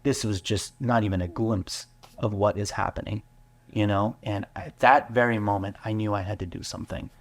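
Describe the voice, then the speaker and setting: Gravelly low-voiced man, halting and earnest. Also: fairly even intonation. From United States. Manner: halting, many fillers and restarts; earnest, emotional storytelling. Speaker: business owner guest. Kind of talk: candid interview talk.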